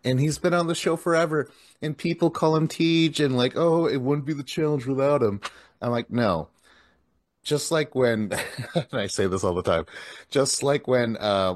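A man's voice: mid-range voice, no echo, studio quality. A man co-hosting a casual podcast chat, ranting bluntly and exasperatedly, with some swearing. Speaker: podcast co-host.

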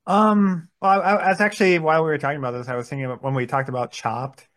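A man's voice: a little high, flat delivery, quick pace, fairly bright tone. A man in casual podcast chat, talking hesitantly with lots of fillers and restarts. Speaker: podcast co-host.

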